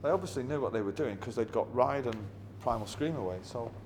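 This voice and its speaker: A middle-aged male musician with a medium-pitched, fairly quick delivery tells stories in an interview, bluntly and wryly, swearing a great deal. The recording has a long reverb tail and faint ambient noise.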